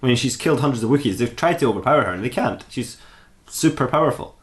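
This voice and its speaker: Fast-talking man laughing. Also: medium pitch, animated. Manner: fast, enthusiastic, laughs often, swears casually. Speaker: podcast co-host. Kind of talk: casual chat.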